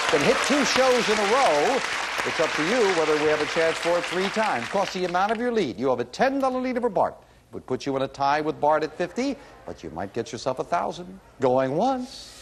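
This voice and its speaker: Game show host guy, upbeat, bouncy high-ish voice, noisy old tape with crowd. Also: big pitch swings. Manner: brisk, upbeat. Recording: old broadcast tape with studio audience noise.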